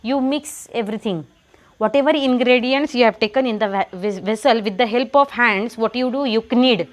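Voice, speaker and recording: A female teacher with a Marathi accent conducts a lesson at a normal speed and a fairly high pitch. Questions come around again and again, and she breaks words down into their individual letters.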